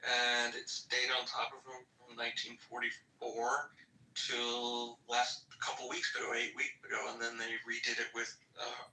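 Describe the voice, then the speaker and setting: A man's voice: medium pitch, completely flat delivery, measured pace, bright, forceful tone. A man chatting casually, rambling and restarting his sentences. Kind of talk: casual chat. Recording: roomy, distant mic.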